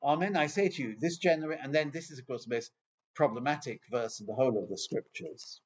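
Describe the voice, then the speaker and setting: Husky chatty man giving a lecture. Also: mid-range voice, fast talker, dull audio. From England. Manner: chatty, digressive, wry asides with laughs. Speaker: lecturer on scripture. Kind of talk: informal Bible lecture.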